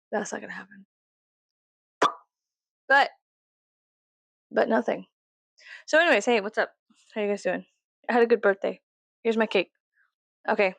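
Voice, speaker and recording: A woman's voice: medium pitch, no echo. A woman, rambling casually to the camera in a profane, self-mocking way, laughing often. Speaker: vlogger.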